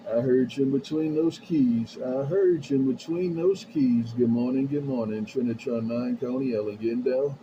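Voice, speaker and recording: A man's voice: mid-range voice, moderate pace, few pauses, muffled recording, heavy background noise. A man on a CB radio at his home base station, calling out his handle and greeting others in repeated sing-song phrases. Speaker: CB radio operator. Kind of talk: CB radio call-outs. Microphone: CB radio handheld mic.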